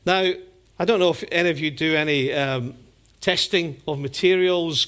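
Man preaching a lively sermon. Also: a little high. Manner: storytelling, acting out scenes with lively voices.

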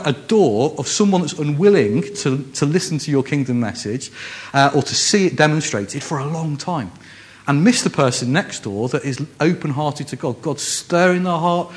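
A man with a Scouse accent from Liverpool, preaching in a conversational, joking way, often restarting his phrases. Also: on the high side. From Liverpool, England. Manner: self-deprecating humor, frequent restarts. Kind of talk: conversational sermon.

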